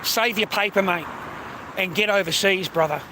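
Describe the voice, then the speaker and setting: Australian bloke with a high voice, ranting to camera, foul-mouthed and repetitive, loud traffic behind. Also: male voice, moderate pace. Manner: heavy swearing, repetitive, keeps calling listeners mate and bro. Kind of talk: ranting monologue to viewers.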